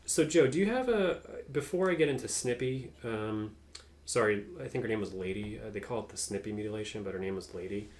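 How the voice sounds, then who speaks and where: A man's voice: fairly low pitch, a little fast, a little mellow. A man co-hosting a podcast, explaining a topic in casual chat, hesitant and full of ums. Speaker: podcast co-host.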